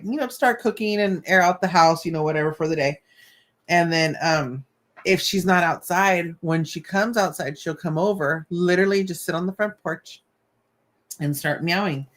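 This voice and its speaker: A chatty woman hosting a casual live stream, her voice sitting a little low. She tells rambling stories with mild cussing and quick Spanish asides, while her hands are busy with a craft. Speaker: channel host.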